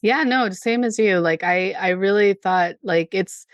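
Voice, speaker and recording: A woman's voice: medium pitch, measured pace, no room sound. A woman co-hosting a podcast, talking through a TV episode in a thoughtful, reflective way, often asking "right?". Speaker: podcast co-host. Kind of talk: casual discussion of a TV show.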